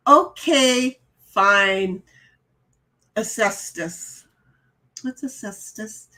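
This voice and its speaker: A woman's voice: medium pitch, drawn-out words, pushed and bright. A middle-aged woman hosting a casual live stream, reading chat messages aloud and chatting about them with frequent stammered restarts.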